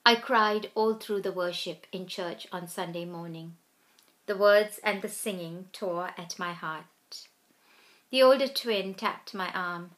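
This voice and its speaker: A woman's voice: on the low side, a bit bright. A middle-aged woman narrating her own memoir in a somber audiobook reading that sometimes drops to a whisper. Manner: slow, somber, sinking to whispers in emotional passages.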